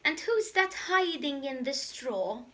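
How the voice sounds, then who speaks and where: A woman's voice: high-pitched, takes it slowly. A woman reading a picture book aloud to young children, playful and speaking straight to them. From Malta. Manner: animated, playful, talks to the children directly. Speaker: children's storyteller.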